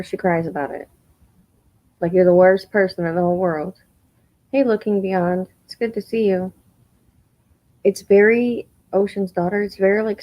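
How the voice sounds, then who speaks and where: A woman's voice: mid-range voice, darkish tone, poor audio. A woman streamer giving incredulous, mocking reaction commentary on a clip, swearing casually.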